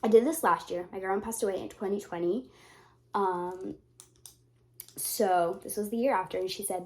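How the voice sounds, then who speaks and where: A woman's voice: medium pitch, normal speed, darkish tone. Young woman rambling casually on a vlog. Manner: rambling, emotional, swears casually. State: tearful at times. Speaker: vlogger.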